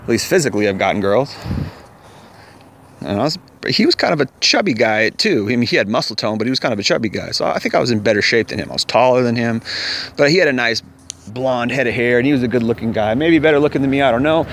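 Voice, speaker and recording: A man's voice: mid-range voice, animated, quick pace, fairly bright tone, slight background noise. Man rambling through a candid story. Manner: rambling, repetitive, candid and profane. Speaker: vlogger. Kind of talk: casual personal storytelling.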